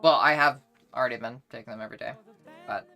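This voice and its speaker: A woman's voice: a bass voice, quick pace, gravelly, sharp tone, faint music behind. A woman streamer chatting casually with her viewers, rambling along with many restarts.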